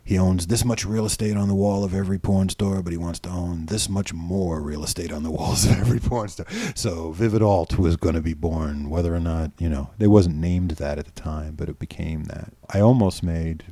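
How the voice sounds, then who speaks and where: A middle-aged New York filmmaker, a guest in a casual storytelling interview, rambles through his stories on a close podcast mic, repeating words, restarting, and swearing freely. His low-pitched, dark voice moves at normal speed with hardly any pauses, and the recording is dry.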